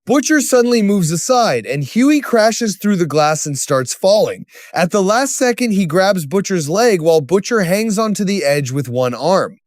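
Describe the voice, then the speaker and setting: A man with a high voice narrates a scripted story recap. His pitch swings widely and he tells it dramatically, lifting his voice at sudden turns. The sound is close and dry. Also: very animated, moderate pace, few pauses, no room sound.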